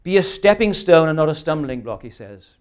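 Earnest man preaching, slightly high voice. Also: sing-song, brisk, clear, resonant tone. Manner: earnest, emphatic preaching with rhetorical questions. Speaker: pastor. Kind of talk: sermon.

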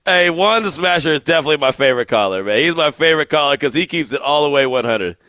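A man hosting a sports call-in radio show, telling lively stories and laughing easily. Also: a little high, quick pace, no room sound.

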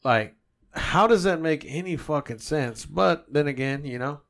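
Animated, foul-mouthed storyteller man. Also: fairly high pitch, measured pace, creaky. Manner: animated storytelling, swears a lot. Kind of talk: casual profane chat.

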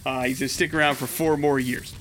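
A man co-hosting a morning radio show, chatting casually and excitably with plenty of fillers. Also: medium pitch, a little fast, soft background music.

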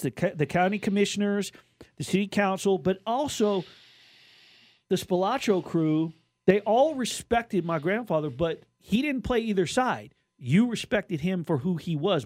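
A man's voice: high-pitched, animated, moderate pace, a little mellow, no room sound. A man from Southern Nevada co-hosting a casual sports radio chat, rambling and often restarting his sentences. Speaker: radio co-host.

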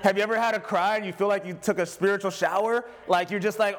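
A man pastor preaching casually to his congregation, animated and jokey, acting out little quoted lines. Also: high-pitched, fairly quick. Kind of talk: sermon with congregation questions.

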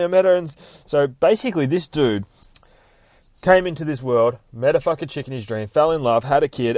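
A man hosting a podcast, recapping a comic book casually, excitable and swearing heavily, with self-mocking asides. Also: mid-range voice, no echo. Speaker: podcast host.

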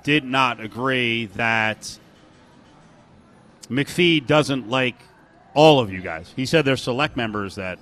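Bright-voiced man hosting sports radio. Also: mid-range voice, slow, long pauses, soft background music. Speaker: radio show host. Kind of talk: casual radio sports talk.

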